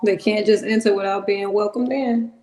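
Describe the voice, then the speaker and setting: A woman's voice: medium pitch, steady tone, normal speed, mellow. A woman co-reviewing a film in casual chat, mostly agreeing briefly. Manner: responsive listener, many short agreements.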